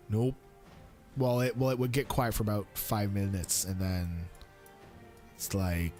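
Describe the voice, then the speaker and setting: A man's voice: normal speed, a little mellow, faint music behind. A man in his thirties chatting casually on a live stream, rambling with fillers and restarts. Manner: high squeaky voice when quoting his young son.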